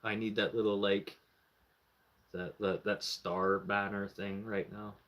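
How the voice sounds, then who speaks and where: Heard through lo-fi sound, this man has a lowish voice and an unhurried pace. During a live stream he relates a drawn-out, casual tale, swearing a lot and reenacting other people's words. He comes across animated and crude, imitating others' voices.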